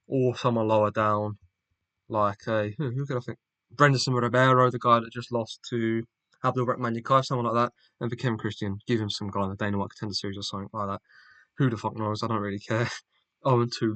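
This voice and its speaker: A man's voice: mid-range voice, fairly bright tone, no room sound. A man recapping fights in a casual, blunt, opinionated way, swearing and mocking fighters. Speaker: MMA fan reviewer.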